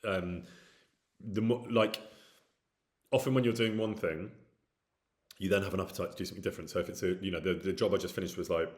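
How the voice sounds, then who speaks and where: A middle-aged English actor with a light Midlands accent streams while answering viewer questions from chat. His low voice is steady and brisk, with long pauses, and he chats casually and candidly, often saying "um" and restarting.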